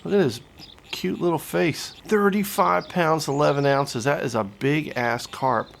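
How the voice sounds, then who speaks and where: A man giving casual, joking play-by-play commentary as host of a gaming video, excitable and full of trash talk. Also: fairly high pitch, unhurried, creaky, slight background noise.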